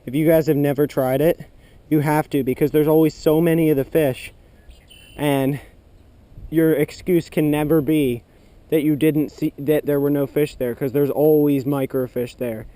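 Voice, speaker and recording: An excitable man narrating his own fishing trip outdoors, talking to viewers and cheering at every bite. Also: a little high, moderate pace. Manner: excitable, gasps and cheers at bites. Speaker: fishing vlogger. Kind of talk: excited outdoor vlog commentary. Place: outdoors by a pool of water.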